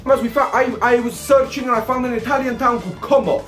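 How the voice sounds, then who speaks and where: High-voiced young man, roomy echo. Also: quick pace. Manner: excitable, swears, says "comrades" in nearly every line. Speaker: vlogger host. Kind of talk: casual travel vlog narration. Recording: roomy echo, faint music behind.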